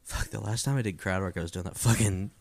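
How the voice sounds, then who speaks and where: A man's voice: fairly low pitch, fairly quick, creaky, darkish tone, no echo. A young adult man, a stand-up comedian, chatting casually in a profane, rambling way and laughing often. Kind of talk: casual podcast chat.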